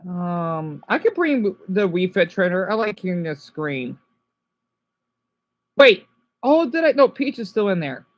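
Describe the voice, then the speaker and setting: A woman giving casual, rambling commentary while playing a video game, talking excitedly to her viewers. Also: on the low side, a little slow, pauses often, lo-fi sound. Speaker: gameplay commentator.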